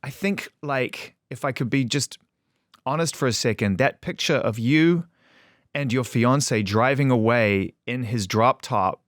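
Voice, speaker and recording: A male interview host with a mid-pitched voice talks in a loose, enthusiastic way and praises freely. His long questions sound effusive. The recording is dry. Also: a little slow, dry recording. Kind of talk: casual interview.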